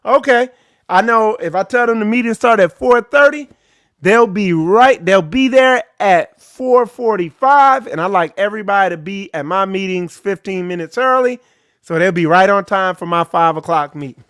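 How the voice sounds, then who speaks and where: High-voiced guy preaching loose and blunt, dry close sound. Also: moderate pace, no echo. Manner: blunt, animated preaching with laughs. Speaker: ministry leader. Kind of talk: informal sermon.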